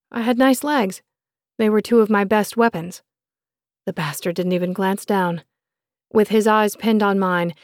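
A woman narrating a first-person romance novel in a measured, expressive reading voice on a close studio mic. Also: medium pitch, no room sound. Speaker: audiobook narrator.

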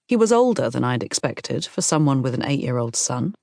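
A woman reading a first-person novel aloud in a calm, measured storytelling manner. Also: rumbling low, vocal fry, no room sound, clean studio sound. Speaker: audiobook narrator. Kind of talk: scripted first-person narration.

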